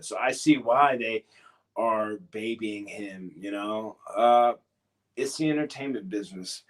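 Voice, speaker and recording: Man, wrestler guest, mid-pitch, earnest, pauses and restarts often, warm encouragement. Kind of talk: casual live Q&A interview.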